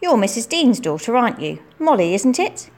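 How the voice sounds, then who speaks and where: A woman's voice: a little high, sing-song, normal speed, darkish tone, pitched above the performer's own voice. Woman doing a kind, refined older lady. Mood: gentle.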